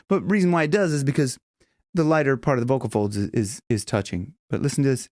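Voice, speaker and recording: A man coaching singers in a loose, rambling way. His pitch jumps around a lot and he keeps slipping into high sung demonstrations. The recording is dry and close-up. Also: animated, quick pace, no echo. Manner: chatty, rambling, breaks into high sung examples and vocal fry. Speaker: vocal coach. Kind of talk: casual vocal lesson with sung demonstrations.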